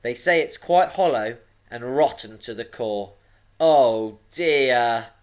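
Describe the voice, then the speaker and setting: A man voicing a gloomy old giant cliff creature in a storybook read-aloud, rumbling and fretful. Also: lively intonation, takes it slowly, smooth. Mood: worried.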